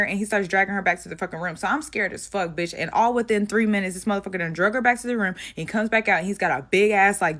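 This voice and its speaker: Fast-talking young woman telling a wild story. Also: mid-range voice. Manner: profane, animated, blunt. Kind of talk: storytime monologue.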